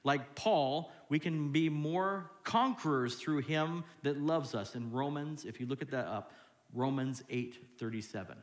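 A man preaching a sermon as pastor, dropping to hushed tones and then jumping loud and high as he acts out what people say to God. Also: measured pace, reverberant. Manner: acts out quoted voices, swinging from hushed to loud.

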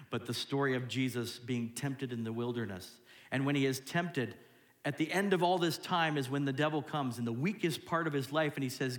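A man preaching a sermon as pastor, dropping to hushed tones and then jumping loud and high as he acts out what people say to God. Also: reverberant. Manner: acts out quoted voices, swinging from hushed to loud.

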